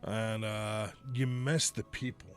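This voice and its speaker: A man's voice: fairly low pitch, slow, faint music behind. A man, a podcast co-host and former wrestler, telling stories in casual chat, swearing often and laughing as he talks. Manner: profane, laughing, animated storyteller.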